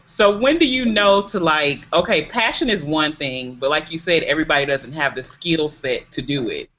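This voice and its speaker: A host with a bright, sharp voice who asks interview questions in a measured, thoughtful way. The sound is muffled and lo-fi. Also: mid-range voice, animated. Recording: dull lo-fi video call audio.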